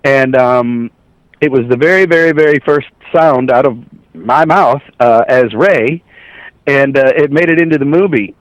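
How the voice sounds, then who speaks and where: Middle-aged man telling animated stories. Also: mid-range voice, normal speed, dry recording, muffled recording. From Ohio, USA. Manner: animated anecdotes, acts out quoted voices. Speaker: voice actor, guest. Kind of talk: casual storytelling interview.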